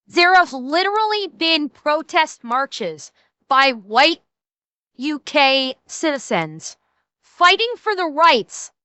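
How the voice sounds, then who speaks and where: High, lively, blunt streamer woman. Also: no echo. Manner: blunt, swearing, mocking. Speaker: streamer reacting to a video. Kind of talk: casual reaction-stream chat.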